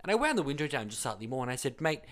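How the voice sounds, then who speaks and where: A man's voice: medium pitch, very fast. A man with an Australian accent telling a story in casual chat, acting out the people he quotes. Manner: animated storyteller, acts out voices in quotes.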